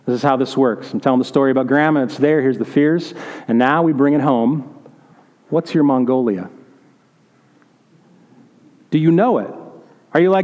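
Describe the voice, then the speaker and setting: Man, pastor, sermon, conversational storytelling, fairly high voice, long hall reverb. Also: moderate pace, pauses often, a little mellow. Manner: conversational, storytelling, asks questions.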